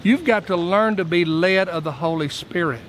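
A man's voice: sits high, moderate pace, slight background noise. A man, a pastor preaching a midweek sermon in an earnest way, his voice rising for emphasis.

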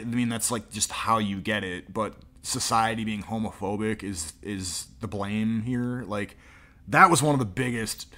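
A man's voice: fairly low pitch, sharp tone. A man hosting a livestream, reacting to a played clip with sardonic, mocking commentary full of filler words. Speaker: livestream host.

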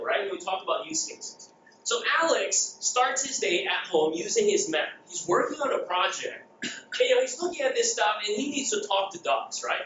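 A middle-aged man from the Philippines giving a jokey, energetic conference talk and asking the crowd questions. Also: high-pitched, moderate pace, slight background noise. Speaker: conference speaker. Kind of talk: keynote presentation. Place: conference hall. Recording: echoey dull hall recording.

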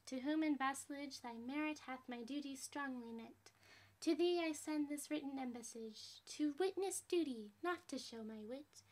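Woman voicing a cartoon teen girl heroine, high voice, bubbly, nervous, keeps apologizing. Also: darkish tone. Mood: reciting. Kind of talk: fan voice impression.

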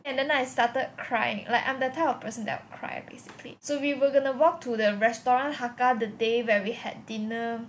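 A woman's voice: sits high, a little hiss or hum. Chatty young Malaysian woman vlogger. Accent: Malaysian English. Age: young adult. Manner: chatty, expressive storyteller with many "like" fillers. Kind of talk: casual vlog chat.

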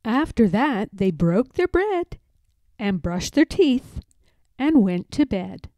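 A woman reads a rhyming children's picture book aloud, her rhythmic delivery slow and unhurried. Her voice is mellow and rather high, with a lively sing-song rise and fall. The recording is dry and close. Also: dry recording. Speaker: storybook reader.

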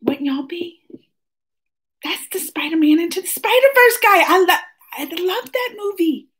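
A woman hosting a casual live chat with her viewers, excitable and talkative, laughing often as she chats at home. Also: extremely high pitch, a little slow. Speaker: livestream host. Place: at home, just woken up.

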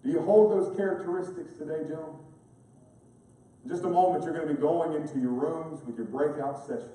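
A male pastor preaches with fervor, building his story to loud, emphatic peaks. His voice is a little high but mellow in tone. He is picked up from a distance and rings through a large, echoing chapel. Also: steady tone, fairly quick. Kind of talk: sermon. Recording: echoey chapel, voice from far off.

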